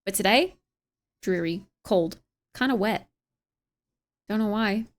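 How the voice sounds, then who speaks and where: A woman's voice: medium pitch, slow pace. A young American woman streamer chatting casually at home, reading viewers' messages aloud and musing on them with frequent laughs. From United States. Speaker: livestreamer.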